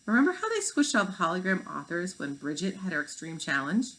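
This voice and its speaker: An eager, brainy young girl who knows every fact, talking briskly and earnestly, read aloud by a woman. Her voice sits somewhat low. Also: very animated, a bit bright, rough recording.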